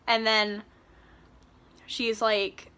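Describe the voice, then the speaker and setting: A woman giving a ranting book review, retelling scenes in an animated, sarcastic way and swearing freely. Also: a little high, very slow, smooth.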